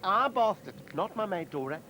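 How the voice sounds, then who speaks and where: A man's voice: sits high, very animated, normal speed, pushed and bright, a little hiss or hum, exaggerated voice, rough recording. A man playing a brash, gossipy middle-aged woman socialite with a South African accent in a sitcom. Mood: chatty. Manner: gossipy, theatrical, calls people doll. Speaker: lead comic character. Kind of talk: sitcom comedy acting.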